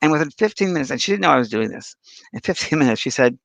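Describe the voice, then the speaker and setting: A man's voice: fairly high pitch, animated, quick pace, gravelly, fairly bright tone, dry recording. A man hosting a casual spiritual talk show, rambling through anecdotes and viewer questions. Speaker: spiritual medium and host. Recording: dull lo-fi dry sound.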